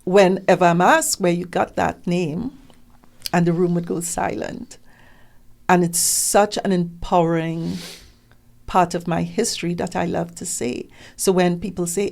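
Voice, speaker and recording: A middle-aged woman talking as an interview guest, animated and emphatic, acting out the questions people ask her. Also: lowish voice, unhurried, vocal fry. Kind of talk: conversational interview.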